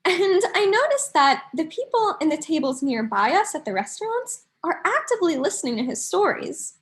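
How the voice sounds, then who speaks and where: A woman doing an online stand-up comedy set from New York, chatty and observational with quick asides. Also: very high-pitched, sing-song.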